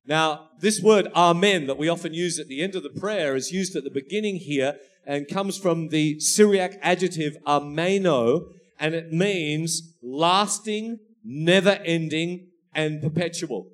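A male pastor preaching a sermon, telling family stories in an animated, laughing way. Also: a little high, a little slow. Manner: storytelling, animated, laughing at his own anecdotes.

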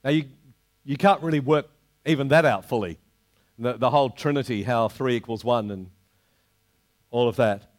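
An older man preaching a sermon to a congregation, animated, slowing down to stress quoted verses. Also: mid-range voice. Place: church hall before a live congregation.

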